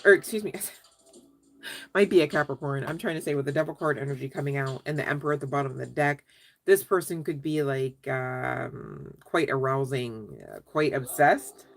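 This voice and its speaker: A woman with a low-pitched voice reads tarot cards live, chatting and giggling as she speaks directly to viewers. Faint music plays softly underneath her voice. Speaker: tarot reader answering live chat. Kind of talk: casual live tarot reading.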